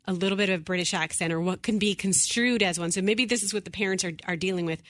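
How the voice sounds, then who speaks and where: A woman co-hosting a casual chat, chatty and quick to laugh. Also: medium pitch, a bit bright. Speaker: co-host.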